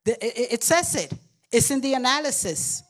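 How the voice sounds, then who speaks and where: A woman's voice: expressive, moderate pace. An older woman pastor preaching a sermon with emphatic call-and-response to the congregation, sometimes acting out babbling toddlers. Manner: acts out babbling toddlers in a squeaky voice.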